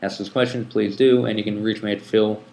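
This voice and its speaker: A man's voice: fairly low pitch, fairly even intonation, brisk, gravelly, dark tone. A man hosting a casual podcast chat, rambling with lots of ums and restarts, recorded in a room at a community TV station. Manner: rambling, many ums and restarts, laughs easily. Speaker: public access TV coordinator and podcast host. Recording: roomy echo.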